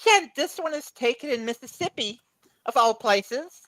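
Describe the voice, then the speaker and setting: A woman's voice: high voice, expressive, normal speed, fairly bright tone, no room sound, rough recording. A woman guest in a casual chat, rambling through memories with frequent restarts and laughs. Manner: rambling, repeats words while recalling, laughs often.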